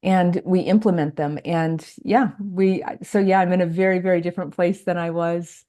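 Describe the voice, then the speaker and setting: A woman's voice: lowish voice, fairly even intonation, normal speed, dark tone. A woman life coach talking earnestly on a podcast, explaining ideas step by step. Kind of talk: podcast conversation.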